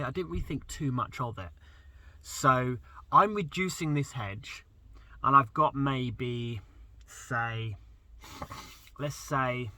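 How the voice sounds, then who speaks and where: A man's voice: mid-range voice, pushed and bright, no echo. A gardener vlogger, a man, casually telling a rambling story with many ums and uhs.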